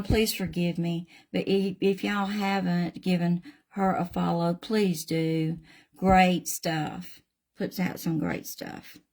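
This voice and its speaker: Southern woman host, middle-aged, unhurried folksy craft chat, a bit gravelly and low. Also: a little mellow. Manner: chatty, folksy, greets viewers by name while painting. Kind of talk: live craft tutorial chat.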